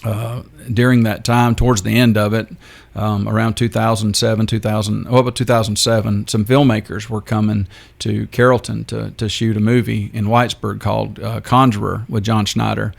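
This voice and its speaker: An older man, a radio guest telling his story in a halting, unhurried way. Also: fairly low pitch, little pitch movement, gravelly. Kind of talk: interview storytelling.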